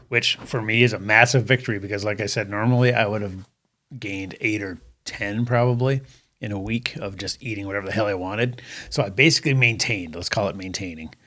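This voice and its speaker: A man with a fairly low voice hosts a casual fitness podcast. He sounds relaxed and agreeable, easily going along with his co-host's points. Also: normal speed. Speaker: podcast host. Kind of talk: casual chat.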